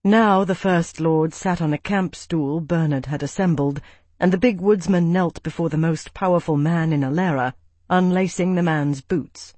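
A man narrating an audiobook in a measured, even storytelling voice. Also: on the high side, no echo. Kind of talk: scripted narration.

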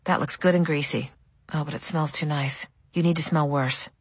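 A woman's voice: low-pitched, fairly even intonation, moderate pace, husky, no room sound, voice pushed down. A woman voicing a frantic young mother who pleads urgently, her voice shaking, in an audiobook.

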